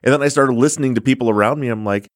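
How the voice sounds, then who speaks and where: A man's voice: medium pitch, rapid-fire, no room sound, clean studio sound. A man hosting a podcast interview, chatting casually and rambling through stories with self-deprecating asides. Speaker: podcast host.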